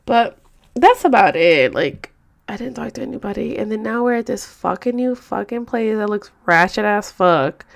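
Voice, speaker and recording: A woman's voice: mid-range voice, normal speed, gravelly. A woman tells a story in a loose, rambling way. Her speech is full of swearing and filler words. She sounds like she is in her thirties and talks casually to her viewers. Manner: profane, rambling, animated. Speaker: vlogger.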